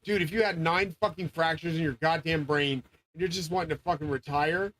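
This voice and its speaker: A man with a somewhat high-pitched voice rants into his own channel. He rambles from point to point, swears constantly and makes grandiose claims, often slipping into yelling. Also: fairly even intonation, fairly quick, a little hiss or hum, rough recording. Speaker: channel host. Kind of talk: profane monologue rant.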